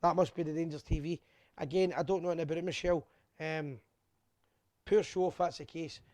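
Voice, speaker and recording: A man's voice: a little high, fairly even intonation, fairly quick, dry recording. A Scottish man hosting a fan live show, chatting casually and reading out viewers' messages while a bit drunk. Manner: chatty, rambling, shouts out viewers by name.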